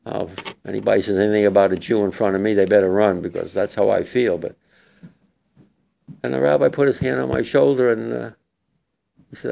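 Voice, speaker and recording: An older war veteran giving an emotional, halting memorial speech to young people in a hall. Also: male voice, on the low side, creaky, dark tone, a little hiss or hum.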